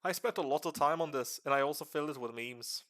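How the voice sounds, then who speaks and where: Excitable man in a put-on Irish accent. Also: fast talker. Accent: put-on Irish, slipping into Scottish. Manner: excitable, swearing, sudden pitch jumps. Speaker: streamer giving a lore lecture. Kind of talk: casual livestream lecture.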